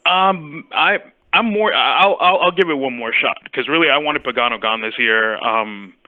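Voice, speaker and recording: A man's voice: medium pitch, normal speed, dry recording. A man calling in to a sports talk show from New York City, talking casually with stammering restarts. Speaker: caller. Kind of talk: casual phone-in chat. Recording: tinny phone line.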